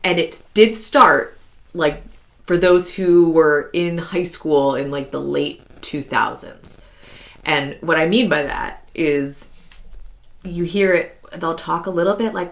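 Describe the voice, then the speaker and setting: Chatty woman in her thirties, lower voice. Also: takes it slowly. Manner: chatty, laughs often, heavy use of like as a filler. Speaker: podcast co-host. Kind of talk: casual conversational podcast chat.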